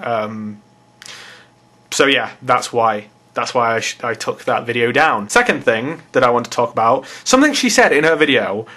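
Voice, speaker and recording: A man's voice: mid-range voice, bright, forceful tone. A man from England with an English accent, ranting bluntly to camera in a casual vlog and swearing freely. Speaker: vlogger.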